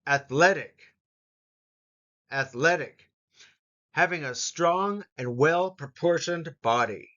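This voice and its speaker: A man teaching English vocabulary, repeating each word slowly and stressing its syllables for learners to copy. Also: on the high side, animated, pushed and bright, lo-fi sound. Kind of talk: slow, deliberate pronunciation lesson.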